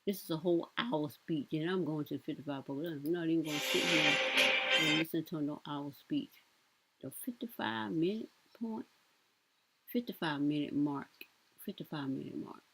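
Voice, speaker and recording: A woman's voice: deep voice, moderate pace, loud music behind the voice. A young woman giving casual reaction commentary, blunt and sassy, talking back at the clips she plays. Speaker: commentary vlogger.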